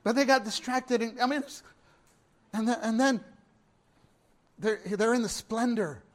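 A man preaching a sermon. He swings from hushed murmurs to loud exclamations, repeats his phrases and keeps asking his listeners questions. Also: very high-pitched, unhurried.

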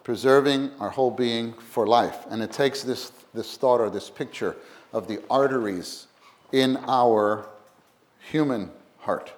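A man preaching a sermon, animated, swinging from loud to hushed and acting out little quotes. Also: mid-range voice, measured pace.

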